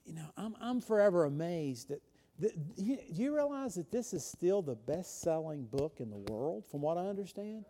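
A male preacher talks through his sermon in a chatty, questioning way, swinging from loud emphasis to hushed asides. His voice sits high, yet has a mellow, warm tone. He sounds like he is preaching in a church. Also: very animated, moderate pace.

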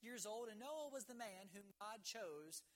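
A man preaching a sermon in an earnest, conversational way, with slow emphatic pauses on key words. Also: sits high, expressive, fairly bright tone. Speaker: pastor.

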